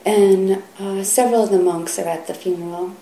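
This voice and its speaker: A middle-aged woman giving a Zen dharma talk, soft and halting, often sinking to a whisper. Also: medium pitch, fairly even intonation, a little hiss or hum. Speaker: Zen teacher. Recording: roomy hall echo, faint ambience.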